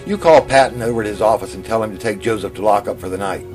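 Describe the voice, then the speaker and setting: A man voicing an angry, bullying male reform school superintendent who yells his orders. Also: lowish voice, fast talker, close to an everyday voice. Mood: angry, shouting. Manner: yelling, bullying. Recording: music playing under the voice.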